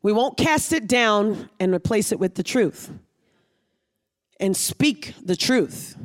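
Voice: mid-range voice, animated, slow. Pastor delivering a sermon, emphatic and repetitive, reads scripture then explains it. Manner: emphatic preaching with repeated phrases.

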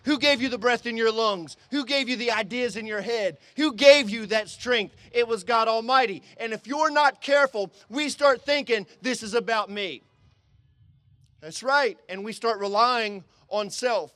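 High-voiced pastor preaching with force. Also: male voice, normal speed, few pauses, no echo. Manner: emphatic preaching, swings from shouting to quiet; repeats phrases for emphasis. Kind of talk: sermon. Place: drive-in service.

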